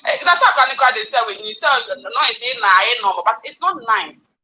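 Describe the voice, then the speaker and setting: A woman tells her story in an excitable rush, repeating herself and bursting into shouts. Her voice sits high and leaps all over the place. It has a bright, sharp edge. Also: brisk, low-quality recording. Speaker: guest telling her story. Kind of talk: animated storytelling in a talk show.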